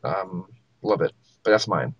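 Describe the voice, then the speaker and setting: Young podcast co-host, lively storyteller, dry close sound. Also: male voice, deep voice, measured pace, no echo, muffled recording. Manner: animated storyteller, many likes and ums. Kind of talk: casual chat, storytelling.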